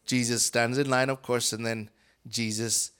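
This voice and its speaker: A man from Africa, a guest preacher, telling a Bible story in an animated sermon, acting out voices and swinging from whispers to shouts. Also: mid-range voice, a little slow, clear, resonant tone.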